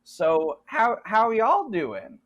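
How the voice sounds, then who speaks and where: A man's voice: high-pitched, wildly swooping pitch, drawn-out words, lo-fi sound, pitched above the performer's own voice, heavily acted. A man voicing an eager, chatty young Southern man who runs a workshop, with a folksy drawl. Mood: eager friendly. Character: cheerful young Southern man, shop worker.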